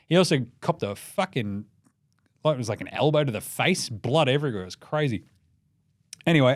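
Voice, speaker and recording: A young man with an Australian accent hosting a casual basketball recap, sweary and excitable, rambling between scores and jokes. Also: mid-range voice, no echo, clean studio sound. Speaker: NBA recap podcast host.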